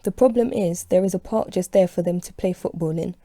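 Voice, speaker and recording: A woman's voice: lowish voice, fairly quick, warm tone, dry recording, studio quality. A woman voicing an angry businessman in a suit in a storybook reading, speaking in an indignant, complaining way. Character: angry suited businessman, male adult, brusque.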